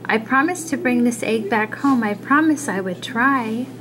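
A woman voicing a polite, soft-spoken young boy on a quest in a storybook reading. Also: fairly high pitch, moderate pace, a crowd in the background, close to an everyday voice, low-quality recording.

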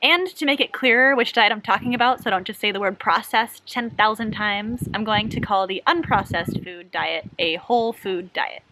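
A woman researcher casually explaining a scientific study, talking quickly and enthusiastically while lying in a hammock outdoors. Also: mid-range voice, background noise. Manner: fast talker, animated and enthusiastic.

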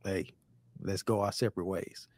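A man co-hosting a casual podcast who talks in a relaxed, joking way. He pauses and restarts as he works through his thoughts. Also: low-pitched. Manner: laid-back, joking, hesitant. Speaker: podcast co-host.

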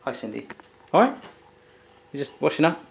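A man's voice: a little high, big pitch swings, moderate pace, gravelly. A young man hosting a cooking video in a home kitchen, chatty and teasing as he talks through the steps. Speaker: cooking show host. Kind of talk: casual cooking chat.

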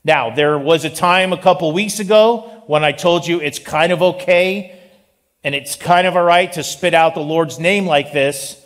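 Fairly high-voiced pastor guy preaching, lively with jokes, big echoey church. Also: moderate pace. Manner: animated, joking asides. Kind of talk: sermon. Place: church sanctuary. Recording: long reverb of a large hall.

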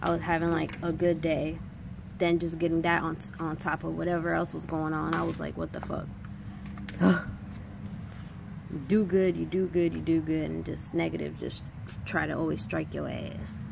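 A woman's voice: low voice, flat delivery, normal speed, vocal fry, background noise. A young woman vlogger telling a story in a blunt, frustrated rant full of swearing.

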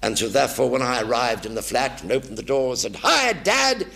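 An English man in his seventies tells war stories to a theatre audience in his one-man stage show, acting out every voice as a vivid raconteur. His voice is mid-range and creaky, with fairly even intonation and a quick pace.

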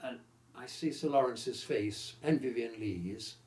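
A man in his eighties recalls his career in a lively storytelling manner, acting out the voices of the people he quotes. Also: mid-range voice, a little slow. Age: 80s. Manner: lively raconteur who acts out the quoted voices. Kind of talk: anecdotal storytelling. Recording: roomy echo.

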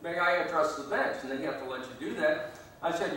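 Speaking briskly in a fairly high, pushed and bright voice, this guest speaker rambles through a lengthy anecdote at a meeting, laughing at his own story. The sound is distant and echoey, from a meeting hall.

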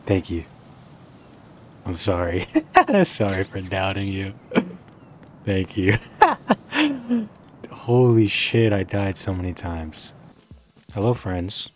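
A young man casually commentating his video game playthrough, swearing freely, laughing often and bursting into excited outbursts. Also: low voice, slow pace, long pauses, a little hiss or hum. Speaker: gaming streamer. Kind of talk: casual let's play commentary.

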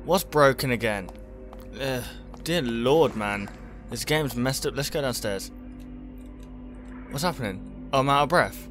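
Young man, jumpy let's play chatter, crisp bright tone. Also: medium pitch, animated, unhurried, long pauses, faint music behind. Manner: jumpy, easily startled, talks to himself. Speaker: gaming YouTuber. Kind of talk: horror game let's play commentary. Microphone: headset.

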